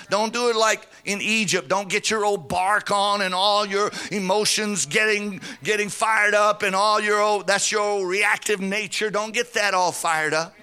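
A man's voice: high-pitched, sharp tone. A middle-aged man preaching a sermon as pastor, fervent and sing-song, calling out to the congregation.

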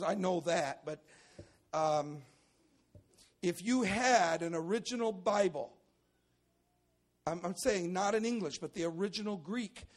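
High-voiced man preaching a fiery sermon. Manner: swings from quiet asides to shouted exclamations; repeats and restarts words. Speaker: pastor. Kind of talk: sermon with Bible reading. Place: church service.

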